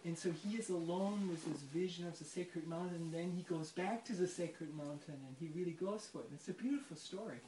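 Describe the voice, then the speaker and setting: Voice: medium pitch, fairly quick, hardly any pauses, mellow, distant mic. A person retelling a story in conversation, reflective and searching for words. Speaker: participant in a spiritual discussion. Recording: echoey room, voice off mic, faint noise.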